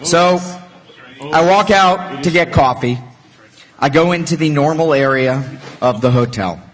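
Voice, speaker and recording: A man's voice: fairly high pitch, unhurried, in a large hall. A man on a conference panel, telling a funny story in a jokey, self-deprecating way. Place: large conference hall.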